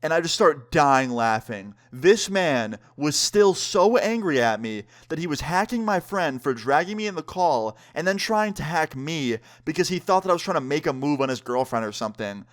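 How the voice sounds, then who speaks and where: Guy doing a story time vid, animated, jokey, cusses a bunch. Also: fairly high pitch, normal speed, few pauses. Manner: animated, joking, swears freely. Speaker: vlogger.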